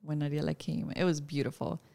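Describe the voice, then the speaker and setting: A woman's voice: low-pitched, flat delivery, a little fast, creaky, dark tone. A woman co-hosting a podcast who chats casually and laughs often. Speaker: podcast co-host. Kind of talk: casual conversation.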